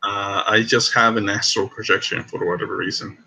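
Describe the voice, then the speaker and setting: A man talking as a player before a tabletop game, with dry, deadpan quips. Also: lowish voice, fairly quick, vocal fry, breathy edge, poor audio.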